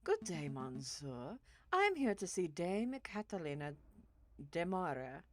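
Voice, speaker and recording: A woman voicing a formal male bird lawyer who talks in a slow, measured way. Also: fairly low pitch, very animated, soft background music.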